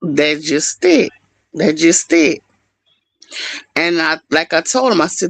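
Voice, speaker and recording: A middle-aged woman on a livestream, telling a story in an animated, casual way straight to her viewers. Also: low voice, slow, no echo. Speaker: livestream host.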